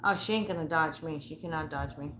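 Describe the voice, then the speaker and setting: A woman's voice: low voice, fast, a bit bright. A young woman talks through a casual live reading in a chatty, playful way. She is blunt and swears freely between teasing asides. A faint hiss sits behind her voice. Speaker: live psychic reader.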